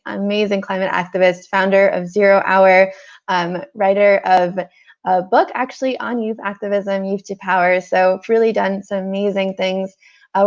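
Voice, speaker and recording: A woman hosting an online rally, gushing and emotional as she thanks speakers and introduces the next one. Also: mid-range voice. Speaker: rally host. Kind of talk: event hosting. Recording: dull, muffled audio.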